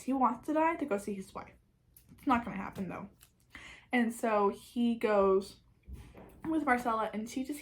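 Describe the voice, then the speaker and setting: A woman chatting casually as a book reviewer, summarising a plot with frequent "like" and quick restarts. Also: fairly high pitch, poor audio.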